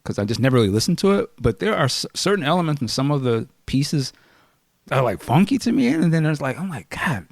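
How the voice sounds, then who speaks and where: A man hosting a casual podcast chat, laughing easily and trailing off quietly. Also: a little high, very animated, fast talker, creaky, no echo, clean studio sound.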